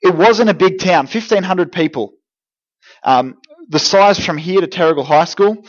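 A man giving a lively, jokey youth group talk, speaking straight to teenagers. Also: high-pitched, normal speed, highs cut off. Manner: energetic, jokey, direct address to teens. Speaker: youth pastor.

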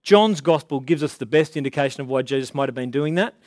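A man preaching a casual sermon in a conversational way, slowing down to stress key words. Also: mid-range voice, a little mellow, dry recording, studio quality.

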